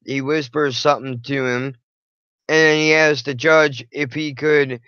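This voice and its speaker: A young man with a bright, forceful and crisp voice tells a personal story bluntly, swearing freely and speaking his mind. The sound is dry but a little dull and lo-fi. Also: on the high side, fairly even intonation, measured pace, no room sound. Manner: blunt, profane, frank. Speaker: channel host.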